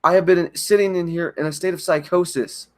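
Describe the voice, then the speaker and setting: Channel host, male, slightly high voice; raw, halting confessional livestream from home. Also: steady tone. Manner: halting, emotional, frequent restarts. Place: at home by a kitchen counter.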